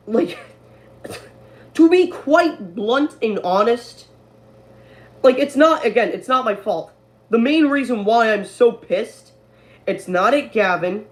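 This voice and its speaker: A woman with a somewhat high voice vents at home on a live stream. She swears constantly and sounds exasperated. She keeps stumbling into restarts as she rants. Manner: profane, exasperated, stammering restarts. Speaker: creator of an online animated series, streaming. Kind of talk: angry live-stream rant.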